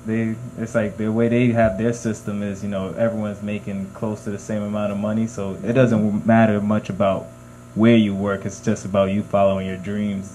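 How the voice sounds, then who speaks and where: A man in a casual chat with friends, relaxed and laughing often. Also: fairly low pitch, normal speed, a little hiss or hum, poor audio. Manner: laid-back, laughs often. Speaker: podcast co-host.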